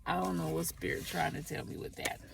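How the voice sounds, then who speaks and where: A woman giving a casual spiritual tarot reading, chatty and quick to laugh, stopping to pray aloud between the cards. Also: low voice, big pitch swings, gravelly, distant mic, very noisy.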